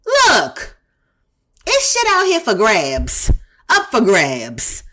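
Blunt, lively-voiced woman podcast host. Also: fairly high pitch, extremely slow. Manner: blunt, profane, emphatic; conversational, repeats for emphasis. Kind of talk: casual advice talk.

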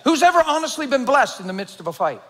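A high-voiced man preaching in a large church, his words trailing off into a long hall echo. He tells stories with sudden loud, excited bursts, then drops to hushed, earnest tones. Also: fast. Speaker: pastor. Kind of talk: sermon.

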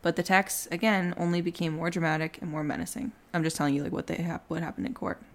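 A young woman hosting a podcast, casually telling a true crime story and acting out the quotes. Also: quick pace. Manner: animated, acts out quotes with rising pitch. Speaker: podcast host.

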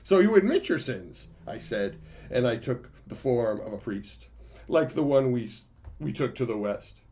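A man's voice: mid-range voice, expressive, normal speed, dark tone, natural voice. A man voicing a playful, boastful male monkey warrior who tells of his battles with glee to his friends. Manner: gleeful, boasting storyteller addressing friends.

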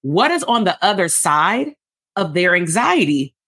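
An energetic woman coach leads a live workshop for therapists. Her voice sits a little low, and she talks in a lively, animated way with casual slangy asides to the room. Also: unhurried, breathy edge. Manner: addresses the audience as "y'all". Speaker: business coach for therapists and podcast host.

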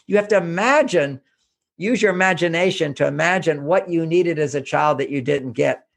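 An older man from Houston, Texas, gives self-help advice as an interview guest. His voice sits a little high for a man and has a gravelly, creaky edge. He talks earnestly and drives each point home by repeating it. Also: moderate pace. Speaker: author and relationship guest.

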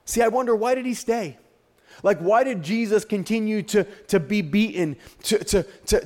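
Man, pastor, high-pitched voice, dramatic sermon delivery, repeated rhetorical questions. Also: moderate pace, a little mellow.

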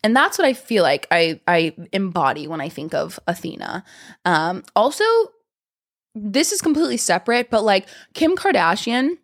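A young woman talks through her own show in a loose, rambling monologue. She fills her sentences with "like" and "um" and restarts her thoughts as she goes. Her voice sits at an ordinary middle pitch for a woman. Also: sing-song, moderate pace. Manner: chatty, rambling, lots of fillers. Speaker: podcast host. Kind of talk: casual monologue.

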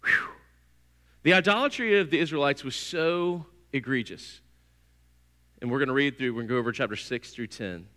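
A middle-aged man, preaching a sermon in a church and telling stories with lively, acted-out voices. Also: mid-range voice, moderate pace, long pauses. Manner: lively storytelling, acts out voices. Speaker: pastor. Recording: long hall reverb.

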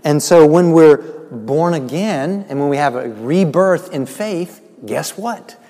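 A man preaching a sermon as pastor, earnest, slowing down and building up for emphasis. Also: a little high, animated, big-room sound. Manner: earnest, varies pace and loudness for emphasis.

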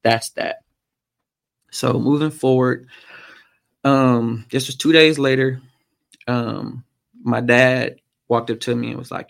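A man with a gravelly, rough-edged voice speaks at a middle pitch. He tells a personal story as a podcast guest. He stops often and fills the gaps with "um". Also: fairly even intonation. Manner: halting, frequent "um" pauses. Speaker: podcast guest, motorcycle racer.

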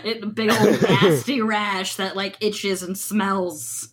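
A woman co-hosting a comedy podcast, playful and quick to react, riffing on jokes in casual chat. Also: medium pitch, breathy edge. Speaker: podcast co-host.

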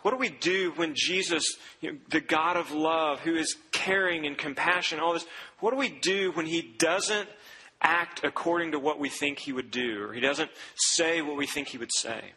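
A man preaches in a relaxed, conversational manner, now and then acting out the people in the story. His voice is high and strikingly bright. It rings out with a long reverb, as in a church sanctuary. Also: normal speed, slight background noise. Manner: conversational preaching, quotes scripture and acts out voices. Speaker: pastor. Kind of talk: sermon.

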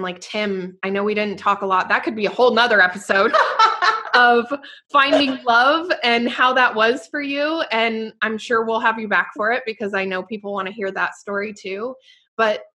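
A woman co-hosting a podcast in casual chat, effusive and warm, full of "like" fillers. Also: mid-range voice. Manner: chatty, quotes her own past thoughts aloud. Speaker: podcast co-host.

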